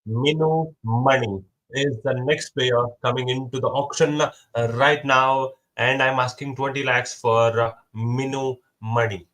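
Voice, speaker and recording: Young guy auctioneering for friends, repeats the bids over and over, counts down fast before selling. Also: mid-range voice, steady tone, a bit bright. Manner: repetitive calls and countdowns, brisk. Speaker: mock auctioneer. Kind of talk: casual auction calling.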